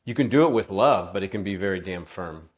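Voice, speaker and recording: A man's voice: sits low, animated, brisk. A man in an interview, talking casually and animatedly as a relationship coach, acting out quoted exchanges as he explains.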